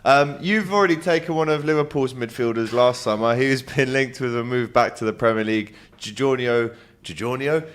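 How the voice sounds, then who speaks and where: A man hosts a live-streamed show. He keeps the talk casual and teasing, joking with his guests in a mid-pitched voice. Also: fairly quick, a bit bright. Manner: teasing, jokey. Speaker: show host.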